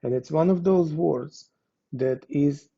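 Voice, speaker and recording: A man teaching a language lesson, explaining slowly and deliberately, pausing often with fillers. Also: on the high side, creaky, mellow, breathy edge. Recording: dull lo-fi sound.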